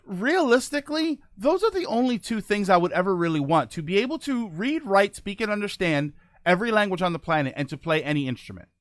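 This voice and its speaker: Lively, high-voiced man chatting on stream. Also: fairly quick, no echo, clean studio sound. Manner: rambling, self-correcting, reads chat aloud. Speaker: livestream host. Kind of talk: casual live-stream chat.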